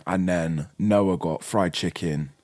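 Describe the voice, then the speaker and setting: A man's voice: low-pitched, slow. A young man, co-hosting a podcast in casual chat and telling stories with lots of slang and swearing. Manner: animated storytelling with slang, swearing and acted-out voices. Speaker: podcast co-host.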